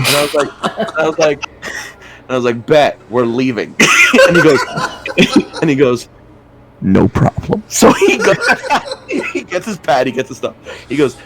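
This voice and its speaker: A man's voice: mid-range voice, moderate pace. A man in casual chat, telling a long, profane story and acting out the voices in it. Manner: animated, profane, acts out voices in his stories. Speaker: guest telling stories.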